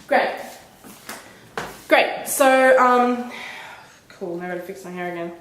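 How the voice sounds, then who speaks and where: A woman in her twenties chatting casually to her camera at home, telling a story with lively, bubbly energy. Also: slow pace. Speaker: vlogger. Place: indoors at home, a small room. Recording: echoey room with faint rumble.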